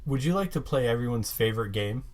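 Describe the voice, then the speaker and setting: A man co-hosting a podcast, talking in a measured, wry way in casual recap chat. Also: mid-range voice, expressive. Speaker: podcast co-host.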